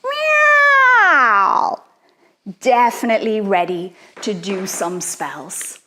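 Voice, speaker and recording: A woman leading a playful children's activity, guiding young listeners through chants and spells in an animated, sing-song way. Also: a little high, takes it slowly, slight background noise. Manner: animated, sing-song, exaggerated sounds for kids. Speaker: children's workshop leader.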